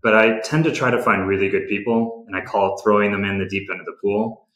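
A man's voice: on the low side, fairly even intonation, fast, a bit bright, echoey room, faint music behind, low-quality recording. A man who runs a game company, answering interview questions in a candid, practical way and often restarting his sentences.

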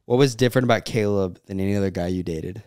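A man's voice: lowish voice, quick pace, a little mellow, clear, resonant tone, no room sound, studio quality. A young man co-hosting a casual podcast, easygoing, asking his partner questions. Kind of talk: casual chat.

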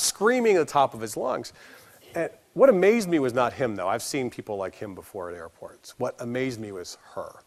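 A middle-aged American man giving a conference keynote, telling stories in a lively way and acting out the people in them. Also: medium pitch, brisk. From United States. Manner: animated storyteller, acts out voices, laughs along. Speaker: keynote speaker. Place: conference hall stage.

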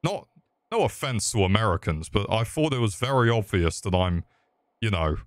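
A man's voice: fairly low pitch, very animated, normal speed, no room sound, clean studio sound. A young Englishman streaming a game, joking crudely, swearing often and chatting back to his viewers. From England. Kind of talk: live gameplay commentary.

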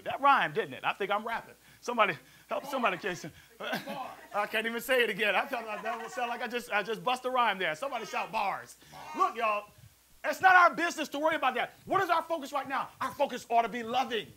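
A man preaching a sermon as pastor, lively and playful, calling on the congregation to answer back. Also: very high-pitched, quick pace, low-quality recording. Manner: preachy, call-and-response, playful asides. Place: church service also streamed to a prayer line.

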